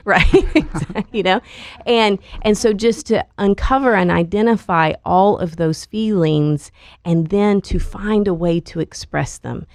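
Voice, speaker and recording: A woman who is a licensed counselor, calmly explaining coping skills as a podcast guest. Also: medium pitch, no room sound, studio quality. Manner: calm, measured explaining. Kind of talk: podcast interview.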